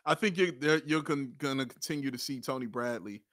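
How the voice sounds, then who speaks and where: A man co-hosting a casual sports podcast, excitable, laughing often and repeating himself as he talks. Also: mid-range voice, a little fast, no echo, clean studio sound. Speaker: podcast co-host.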